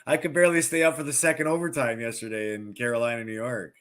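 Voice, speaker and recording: A man's voice: mid-range voice, flat delivery, quick pace, a bit bright. A man who is a former pro hockey player, chatting as an analyst on a betting podcast, teasing and telling stories with animation. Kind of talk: casual sports betting banter.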